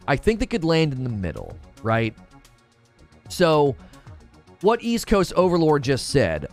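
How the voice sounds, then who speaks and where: Male gaming livestream host, casual and opinionated, lively pitch, faint music bed. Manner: animated, opinionated, thinks aloud; briefly mimics cartoon voices in a high falsetto. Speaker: gaming news host reading live chat.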